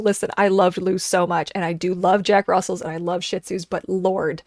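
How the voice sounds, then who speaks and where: A woman's voice: medium pitch, fairly quick, few pauses, dry recording. Chatty woman streamer, dry close sound. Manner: animated storyteller, acts out quoted voices. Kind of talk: casual chat.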